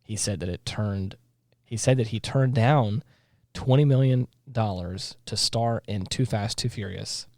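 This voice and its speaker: A man's voice: fairly low pitch, measured pace, darkish tone, no echo, studio quality. A man co-hosting a casual podcast, reading film trivia aloud with frequent fillers and small laughs. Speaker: podcast co-host.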